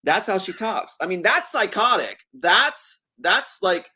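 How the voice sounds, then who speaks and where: Animated man, lively pitch. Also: a little slow, breathy edge. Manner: animated, emphatic storytelling. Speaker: guest. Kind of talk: conversational interview.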